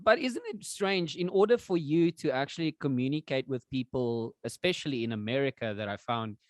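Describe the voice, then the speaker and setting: Relaxed joking podcast host, a man. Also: medium pitch, fairly quick, dry recording. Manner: jokey and relaxed, with filler ums. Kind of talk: casual chat.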